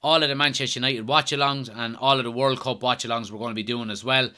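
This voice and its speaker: A man's voice: medium pitch, steady tone, fast, bright, forceful tone, clean tone. An Irish man hosting a live football watchalong stream, chatting casually, reading out viewer comments and answering them. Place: at home.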